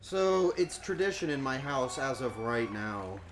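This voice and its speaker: A man's voice: mid-range voice, very animated, a little slow, a little hiss or hum. A man chatting casually on a cooking stream, joking and rambling, and acting out quotes in goofy voices.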